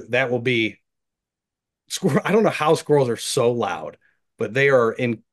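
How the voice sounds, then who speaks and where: A man with a Midwestern American accent teaching squirrel hunting in a webinar, lively and imitating animal footsteps. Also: medium pitch. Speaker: hunting instructor.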